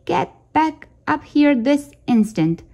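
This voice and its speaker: A woman's voice: high voice, animated, slow, darkish tone, pitched above the performer's own voice, full character voice. A woman voicing a stern mother bird who scolds the chicks in a raised, strict voice while reading a picture book aloud. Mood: scolding.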